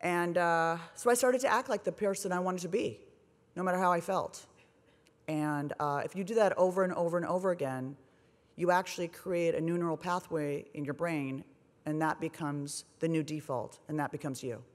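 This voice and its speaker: A woman in her forties tells her own story on stage in a wry, self-deprecating way, keeping things animated and funny. Her voice carries a long reverb from a large hotel ballroom. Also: lowish voice, normal speed. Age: 40s. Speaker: speaker. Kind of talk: comedic speech at a gala.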